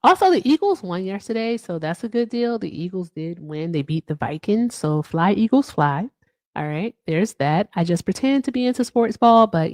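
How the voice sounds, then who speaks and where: Animated woman chatting on a livestream. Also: medium pitch, normal speed, no echo. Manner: animated, swears freely, talks to viewers in chat. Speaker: livestream host. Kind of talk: casual livestream chat.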